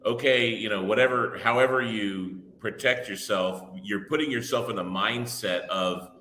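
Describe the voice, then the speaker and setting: A man with a low, bright voice explains his ideas patiently, using everyday analogies to make each point. The room rings around him, and a faint hiss runs underneath. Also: moderate pace, echoey room. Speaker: paranormal investigator guest. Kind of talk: casual interview chat.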